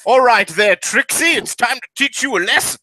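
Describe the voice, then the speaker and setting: A pompous, blustering British brute in a mech suit, as a man puts him on, talking in a high, lively voice with a bright, forceful edge. The put-on British accent sounds plummy and old-fashioned. It is recorded dry and close. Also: moderate pace, no echo, full character voice, poor audio.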